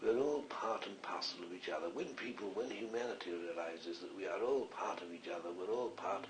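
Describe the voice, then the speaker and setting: Deep-voiced man with a slight Scottish accent. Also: fairly quick. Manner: earnest, rambling, philosophical. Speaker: spirit communicator at a séance. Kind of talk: séance communication. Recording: echoey, distant old archive recording with faint hiss.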